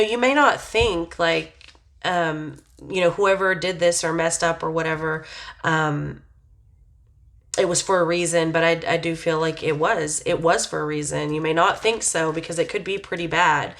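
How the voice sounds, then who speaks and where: A woman with a somewhat low voice talks through a tarot reading in a relaxed, casual way. She meanders and hesitates, leaning on fillers as she muses aloud about what she senses. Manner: reflective, intuitive musing. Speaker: tarot reader.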